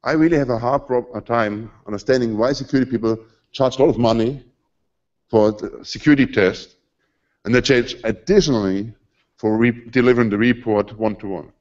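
A man's voice: medium pitch, fairly quick, a little mellow, lo-fi sound. German-accented man giving a conference talk. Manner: conversational, emphatic, slightly non-native phrasing. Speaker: conference speaker. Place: conference hall.

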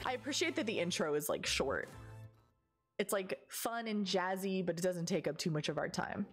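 A woman's voice: lowish voice, soft background music. A young woman hosting a VTuber reaction stream, chatting casually and exclaiming as she watches. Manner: animated and chatty, quick exclamations.

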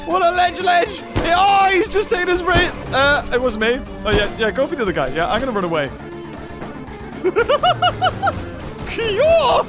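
A man giving excitable gameplay commentary, laughing often and yelping at jump scares. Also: extremely high pitch, a little slow, over music. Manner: excitable, laughs a lot, yelps and shouts at scares. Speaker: gaming YouTuber.

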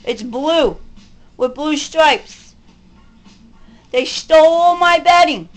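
A high-pitched woman in her forties unloads a furious, rambling rant full of swearing. She talks as if venting straight at the camera. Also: animated, slow pace, rough recording. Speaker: vlogger. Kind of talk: angry venting monologue.

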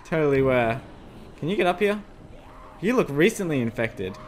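A man's voice: fairly high pitch, normal speed, slight background noise. A man commentating a horror game demo as he plays, easily startled and yelping "oh no" and "oh god" at every scare. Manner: excitable, yelps and squeals when scared. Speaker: gameplay commentator. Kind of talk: let's play commentary. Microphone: desk USB microphone.

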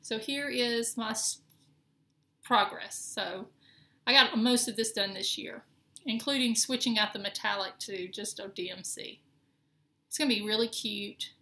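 A woman's voice: a little high, a little slow, bright, forceful tone. A middle-aged woman with a Southern accent, chatting casually and rambling a little as she shows her cross-stitch projects. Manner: chatty, rambling, with many ums and restarts. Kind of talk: casual show-and-tell.

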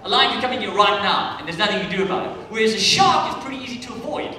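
A South African man doing stand-up comedy, loud and swearing, with shouted punchlines. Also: high voice, animated, rapid-fire. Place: comedy club stage with a laughing crowd. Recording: echoey club room taped from a distance.

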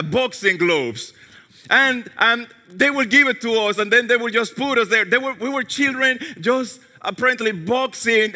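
A male pastor preaching a sermon with animated storytelling and self-mocking humor, sometimes dropping to a hushed low voice. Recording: long reverb of a large hall.

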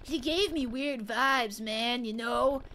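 A woman voicing a spaced-out, friendly stoned man in an alley, drawling slowly as she reads game dialogue. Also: a little high, pushed and bright, full character voice. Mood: mellow drawl.

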